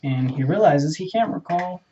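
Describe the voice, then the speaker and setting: A man's voice: a little high, animated, moderate pace, dark tone, highs cut off, a little hiss or hum. A young man telling a made-up story in a playful, rambling way while getting a haircut, stopping to correct himself now and then. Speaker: vlogger. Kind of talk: casual storytelling during a haircut.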